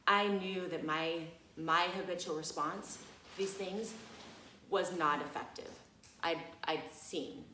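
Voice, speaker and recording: A woman's voice: on the low side, slight background noise. A woman teaching at a massage college, telling a story casually with lots of fillers and bursts of laughter. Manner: animated, laughing, many fillers like "you know". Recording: echoey room.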